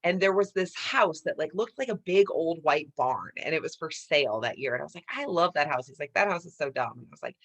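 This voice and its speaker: Brisk and low-voiced, barely pausing, a woman in her thirties tells an uplifting personal story. She's a network marketing leader who speaks with lively energy and frequently says "you guys" to listeners.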